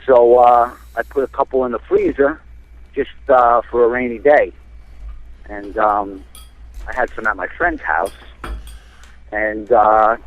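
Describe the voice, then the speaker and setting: A man from New Jersey, calling in and telling a rambling, animated story with lots of fillers. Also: medium pitch, no room sound. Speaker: caller. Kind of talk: casual storytelling. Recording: tinny phone line.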